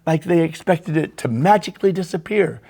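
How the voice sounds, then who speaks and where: A man hosting a podcast, telling animated anecdotes in a casual storytelling style and throwing in sound effects. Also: on the high side, a little fast. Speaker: podcast host.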